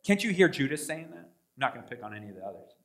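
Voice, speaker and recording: A man preaching a sermon as pastor, animated, acting out voices and swinging between loud bursts and hushed asides. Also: medium pitch, very fast. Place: church sanctuary.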